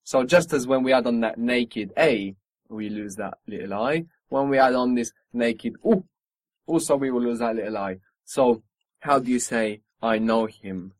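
A man's voice: mid-range voice, normal speed, dry recording. A man teaching a spoken language lesson, patiently modelling pronunciation and encouraging his student.

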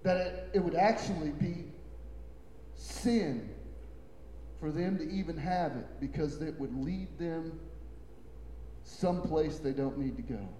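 A male pastor preaching a sermon in a church, emphatic and repetitive, dropping to low murmurs and rising to shouts. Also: slow pace, long pauses, slight background noise. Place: church sanctuary. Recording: echoey hall with long reverb.

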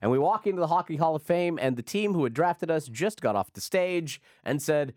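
A man's voice: fairly high pitch, lively intonation, a little fast, a little mellow, no room sound, studio quality. A man co-hosting a radio podcast, telling a story in a wry, teasing way. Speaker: radio co-host. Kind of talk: casual podcast chat.

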